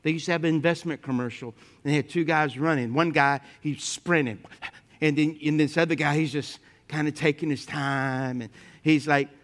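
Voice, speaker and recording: A man preaching a sermon, telling humorous personal stories to his congregation and swinging between loud emphatic points and quiet asides. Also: fairly high pitch, moderate pace. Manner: lively storytelling with humor, speaking to the congregation. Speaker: pastor.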